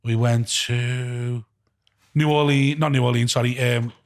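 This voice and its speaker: A man's voice: mid-range voice, fairly even intonation. A man with a Scouse accent, a comedian guest telling jokey stories and swearing in casual chat. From Liverpool, England. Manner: rapid, swearing, storytelling banter.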